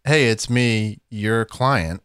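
Young dude rambling on a podcast, dead dry sound, jokey. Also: male voice, lowish voice, slow, a bit bright, smooth, no echo. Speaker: podcast co-host. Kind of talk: casual chat.

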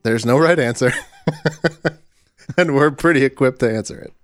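A man's voice: medium pitch, normal speed, a bit bright, clear, resonant tone, dry recording, soft background music. A man from New Jersey, a podcast co-host, chatting casually with a dry, laughing manner and reading out listener questions. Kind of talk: casual comedy chat.

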